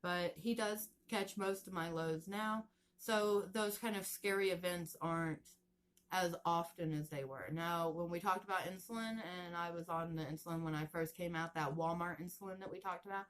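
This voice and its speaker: Earnest woman vlogger, fairly low voice. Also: fairly bright tone. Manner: earnest, explaining plainly with halting restarts. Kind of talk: casual personal vlog.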